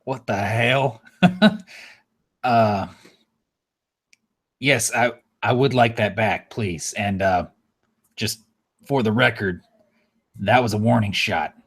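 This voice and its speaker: A man's voice: fairly low pitch, takes it slowly, long pauses, a bit bright, pitched below the performer's own voice, full character voice. A man voicing a wary, dry-humored male desert nomad who speaks in a guarded way.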